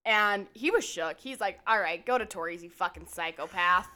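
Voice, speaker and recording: Young woman podcast co-host with a bright, sharp voice, blunt and self-mocking, swears freely. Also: fairly low pitch, normal speed. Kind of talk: casual storytelling chat.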